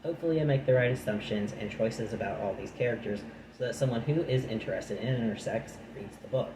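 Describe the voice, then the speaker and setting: A man's voice: mid-range voice, quick pace. A man reading a nonfiction book aloud, breaking off into chatty, dry asides of his own. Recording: echoey room with noise.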